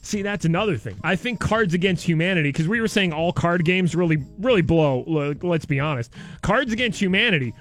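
A man's voice: high-pitched, expressive, fairly quick, fairly bright tone, soft background music. A man hosting a morning radio show, chatting loosely and jokingly with his co-host. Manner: loose, rambling, jokey. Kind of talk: casual radio banter.

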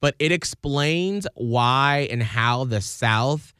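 A man hosting a radio show, chatting casually in the studio with quick, animated bursts of enthusiasm. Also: medium pitch, clear, resonant tone, no room sound. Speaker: radio host.

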